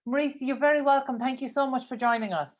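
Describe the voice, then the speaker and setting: An Irish woman with a fairly high voice hosts a radio interview. She keeps the talk chatty and friendly, with a welcoming, easy manner. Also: fairly even intonation. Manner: chatty, welcoming, quick to laugh along. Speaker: radio show host. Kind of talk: podcast interview.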